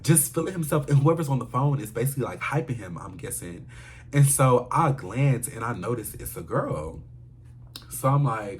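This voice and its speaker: A man telling a personal story in a casual storytime vlog, animated and dramatic, with slangy asides to his viewers. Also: medium pitch, moderate pace, a little hiss or hum.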